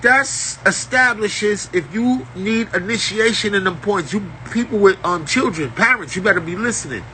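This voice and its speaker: A man's voice: high-pitched, normal speed, pushed and bright, a little hiss or hum, poor audio. A man giving an unscripted spiritual rant, lecturing in street slang with a profane, preachy manner. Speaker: self-styled spiritual teacher.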